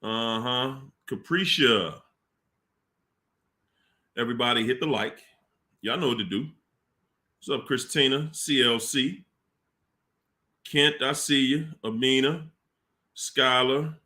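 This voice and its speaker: A man hosting a casual livestream, slowly reading out names from the chat with warm laughs. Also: mid-range voice. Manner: slow, drawn-out shout-outs with laughs. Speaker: livestream host.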